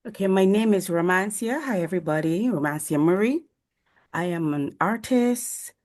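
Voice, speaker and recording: Woman, low voice, quick friendly intro over a call. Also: animated, a little mellow. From Barbados. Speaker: artist and student. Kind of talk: self-introduction on a video call.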